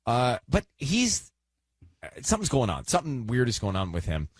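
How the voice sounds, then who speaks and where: Radio host, man, playful ribbing, animated delivery, dry close mic. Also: mid-range voice, husky, no room sound. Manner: teasing, quick to cut in. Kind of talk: morning radio banter.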